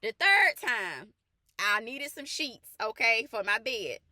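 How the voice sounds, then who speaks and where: A woman who works as a faith life coach, telling a personal testimony in an animated, colloquial way that turns to earnest preaching with repeated emphatic phrases. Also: fairly high pitch, slow pace, no room sound.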